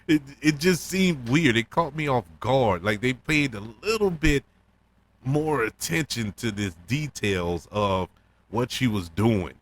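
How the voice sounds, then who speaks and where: A man's voice: medium pitch, animated, unhurried. A man hosting a casual podcast review of a TV episode, chatty and loose, laughing often and full of fillers and repeated words. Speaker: podcast host.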